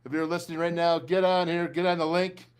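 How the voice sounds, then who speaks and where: A man's voice: a little high, little pitch movement, a little fast, clean tone. A middle-aged man hosting a sports talk show, ranting emphatically and reading ads, repeating phrases for punch. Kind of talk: fired-up sports talk and live ad reads.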